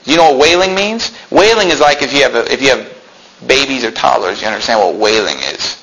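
Male preacher in a sermon, sharp and forceful, reads scripture aloud with loud emphatic bursts. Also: medium pitch, lively intonation, fast, low-quality recording. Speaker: pastor.

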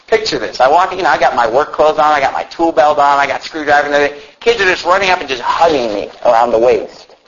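A man's voice: fairly high pitch, expressive, a little fast, a bit bright, slight background noise. A man preaching a sermon, telling a story in an earnest, conversational way, often restarting and adding asides. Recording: muffled lo-fi recording.

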